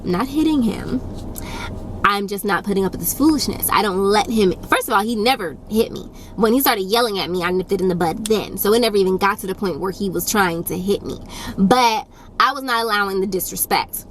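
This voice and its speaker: A fairly quick, mid-range female voice tells a casual storytime to the camera. The young YouTuber is sassy and blunt, with emphatic repetition, and her close-miked recording carries a faint hiss.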